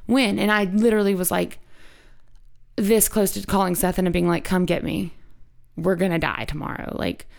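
Woman podcast host, gravelly fry, loose rambling storyteller who swears freely. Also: on the low side, fairly even intonation, moderate pace. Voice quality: creaky. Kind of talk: casual chat, personal storytelling.

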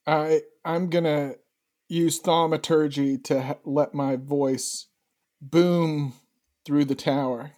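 A man playing a tabletop game, asking quick questions and declaring actions. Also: on the high side, fairly even intonation, a little mellow. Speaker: player. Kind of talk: casual tabletop play.

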